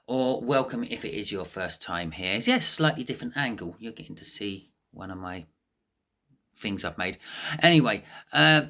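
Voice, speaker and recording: A man's voice: fairly low pitch, expressive, moderate pace, pushed and bright. A man hosting his home cooking channel, chatting to camera in a nervous, rambling way with lots of false starts, from his living room. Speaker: cooking and prepping channel host. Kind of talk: casual to-camera chat.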